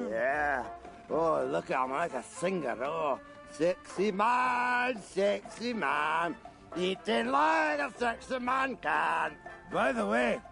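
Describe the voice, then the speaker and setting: A man's voice: high voice, gravelly, exaggerated voice. A man doing a comedic impression of an obese, crude, gluttonous Scottish man who bellows and boasts. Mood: boastful.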